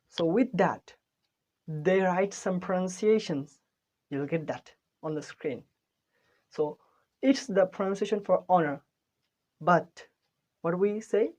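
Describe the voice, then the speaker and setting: A woman hosting an English lesson, explaining grammar rules in an unhurried way and correcting herself as she goes. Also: fairly low pitch, darkish tone. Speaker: English teacher, channel host.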